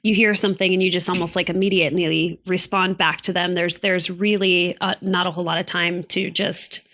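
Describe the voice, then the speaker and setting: A woman's voice: lowish voice, level tone, a little fast, fairly bright tone. A woman who co-hosts a marriage therapy show, explaining in a conversational way with fillers. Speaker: marriage therapist and podcast co-host. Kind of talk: casual chat.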